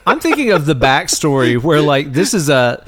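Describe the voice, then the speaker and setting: A man's voice: a little high, very animated, normal speed, fairly bright tone, no echo. A man in his forties co-hosting a casual podcast, rambling through silly jokes and swearing. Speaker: podcast co-host.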